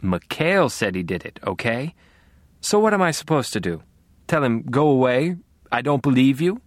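A man's voice: mid-range voice, sing-song, moderate pace, no room sound, natural voice. A male audiobook narrator voicing a defensive female police detective who talks in an insistent, flustered way.

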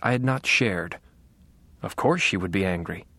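A man narrating a first-person audiobook in a dry, wry, measured way. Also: deep voice, pushed and bright, no echo.

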